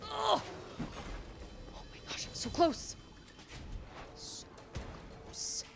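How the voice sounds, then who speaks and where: A woman's voice: very high-pitched, slow pace, gravelly, music in the background. A young adult woman streaming a video game, reacting with exclamations, groans and laughter. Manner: excitable, groaning and laughing at setbacks. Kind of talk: live gameplay commentary.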